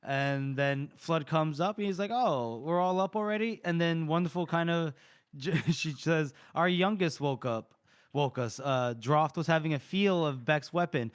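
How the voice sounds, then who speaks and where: A man co-hosting a casual book podcast, retelling scenes with lively quoted lines and frequent laughter. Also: on the high side, a little slow, clear, resonant tone. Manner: animated, acts out characters' lines with laughter. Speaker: podcast co-host.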